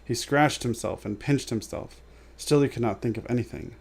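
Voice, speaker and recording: A man reading a storybook aloud as a storyteller, steady and measured, with offhand asides. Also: medium pitch, creaky, husky.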